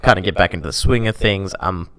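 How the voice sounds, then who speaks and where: Low gravelly young man, rambling chat. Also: fast, fairly bright tone, no room sound. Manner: rambling, heavy use of "like", self-mocking. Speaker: podcast host telling his faith story. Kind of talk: casual chat.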